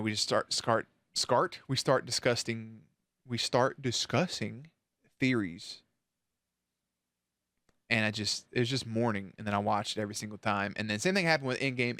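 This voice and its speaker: A man's voice: mid-range voice, bright, forceful tone, dry recording. Candid, emotional man vlogging, dry sound. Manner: emotional, candid retelling with casual swearing. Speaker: reaction channel host. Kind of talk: casual storytelling to camera.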